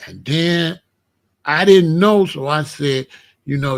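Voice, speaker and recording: A man's voice: takes it slowly, creaky, long pauses. A man, hosting a casual monologue and telling street stories in blunt, profane language. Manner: drops to low, quiet tones when recounting danger. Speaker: commentary channel host.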